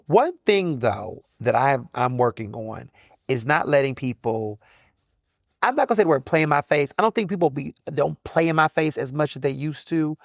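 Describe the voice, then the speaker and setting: A man hosting his own podcast, talking casually in a chatty, slangy way with quick asides. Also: on the high side, expressive, gravelly, dry recording, clean studio sound. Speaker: podcast host. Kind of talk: casual solo podcast monologue.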